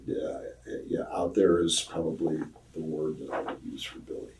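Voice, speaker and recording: In a relaxed storytelling interview, a retired pro wrestler, older and very deep-voiced, unspools long anecdotes full of fillers, imitating the voices of those he quotes. His flat, darkish delivery runs at a moderate pace, he sounds slightly distant sitting back from the mic, and faint hiss or hum is present.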